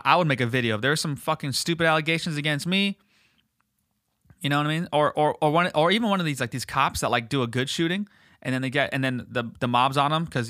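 A man hosting a podcast, ranting in a profane, fired-up casual way, often calling the listener dude, his voice jumping higher and louder when he gets worked up. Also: dry recording, studio quality. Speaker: podcast host. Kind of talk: heated casual rant.

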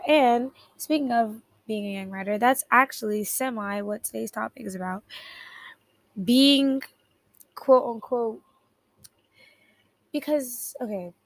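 A teenage girl with a slightly high voice hosts a podcast from her bedroom, talking through headphones at her computer. Her casual chat rambles and wanders, broken up by giggles and quick self-corrections. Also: dry recording. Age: teens. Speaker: podcast host. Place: bedroom at home. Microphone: headphones at a computer keyboard.

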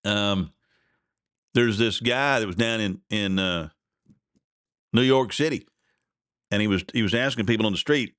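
A man's voice: on the low side, unhurried, long pauses, fairly bright tone, smooth, no echo, clean studio sound. A man, hosting a podcast and telling a rambling personal story in a self-deprecating, chuckling way. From Oklahoma. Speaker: podcast host.

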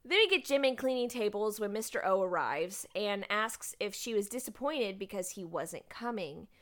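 A woman's voice: medium pitch, expressive, moderate pace, a bit bright. A woman co-hosting a casual chat, recapping a drama plot with filler words and frequent laughs. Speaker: podcast co-host recapping a drama.

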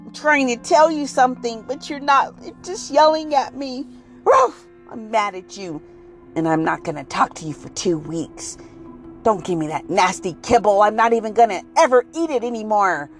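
A woman voicing a cranky little female pet dog who yaps high barks and talks back to her owner. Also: moderate pace, soft background music, natural voice. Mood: sulky.

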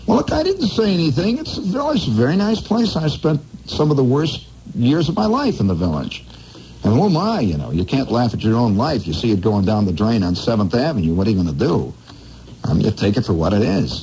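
A man hosting a radio show, telling wry, rambling comic stories in a conversational way, dropping to a low mutter and jumping up high for emphasis. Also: gravelly, dark tone, slight background noise, rough recording. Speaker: radio host.

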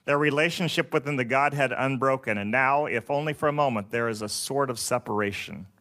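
A man preaching a sermon, reading scripture in a slow, solemn and measured way. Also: medium pitch, sharp tone. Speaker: pastor.

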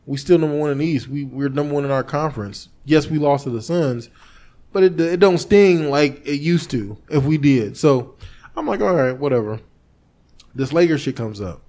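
A man hosting a podcast in casual chat, telling a story with lively energy, acting out what he and others said, and swearing freely. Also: medium pitch. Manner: animated storytelling, acting out his own past lines, swearing freely. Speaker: podcast host.

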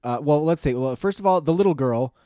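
A man's voice: a little high, lively intonation, a little fast, mellow, no echo, studio quality. A man co-hosting a casual movie review chat, blunt and swearing, often restarting his sentences. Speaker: podcast co-host.

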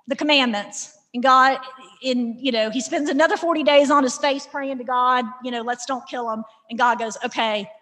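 A woman teaching a Bible lesson with lively, sarcastic humor, acting out the characters as she goes. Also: high-pitched. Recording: reverberant hall.

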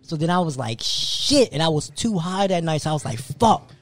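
A young man on a podcast, telling a story quickly and excitedly with lots of swearing. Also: a little high, slight background noise. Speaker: podcast co-host. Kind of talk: casual storytelling chat.

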